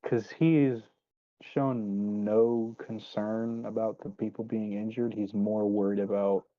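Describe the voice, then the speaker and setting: A man narrating a tabletop game as dungeon master, in a relaxed, casual manner. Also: lowish voice, slow pace, narrow, tinny audio.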